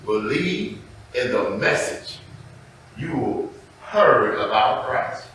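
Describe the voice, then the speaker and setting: A man preaching a sermon as pastor, telling stories and calling out "amen?" to the congregation, swinging between loud and soft. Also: fairly low pitch, lively intonation, extremely slow. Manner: call-and-response preaching, repeating "amen?"; storytelling preacher with sudden loud and soft turns. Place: church sanctuary. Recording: echoey church hall, mic at a distance. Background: congregation responding.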